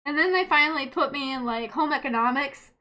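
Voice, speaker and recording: A woman in her late twenties, a streamer telling stories in casual chat, animated, laughing often and swearing freely. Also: high voice, a little fast. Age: late 20s.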